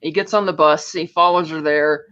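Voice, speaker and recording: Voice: medium pitch, steady tone, normal speed, fairly bright tone. Podcast co-host recapping a film, dull audio. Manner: retells plot scene by scene, acting out characters' lines. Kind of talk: casual film recap chat.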